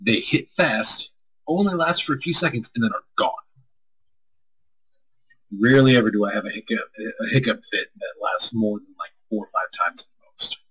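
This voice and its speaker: Husky man chatting loosely on stream. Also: mid-range voice, normal speed, fairly bright tone, poor audio. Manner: loose and rambling, swears freely, reads chat aloud. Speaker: stream co-host answering chat. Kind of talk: casual chat.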